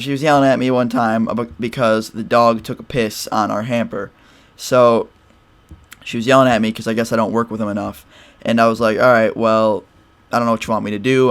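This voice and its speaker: Gravelly young guy ranting a story. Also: fairly low pitch. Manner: rambling, heated, swears a lot. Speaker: gaming channel host. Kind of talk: casual storytime over gameplay.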